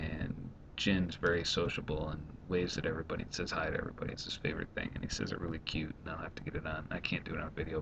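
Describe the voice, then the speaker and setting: A man in his thirties, a stay-at-home dad, rambling and exasperated in a casual vlog monologue. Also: vocal fry. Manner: rambling, exasperated, quickly acts out others. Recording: dull lo-fi home recording, faint rumble.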